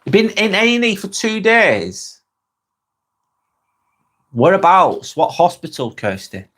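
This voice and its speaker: In a live vlog from his spare bedroom, an Englishman reads viewer comments and chats casually, rambling, repeating himself, and saying um frequently. His voice sits high and is very animated yet slow, with a fairly bright tone, recorded on a wireless clip-on mic.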